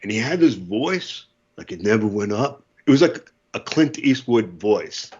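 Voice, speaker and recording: A man in his fifties from the United States, a podcast guest telling lively war stories and acting out the voices. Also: fairly low pitch, measured pace, breathy edge, dull audio. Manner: animated storyteller, acts out voices, laughs often. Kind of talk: casual storytelling.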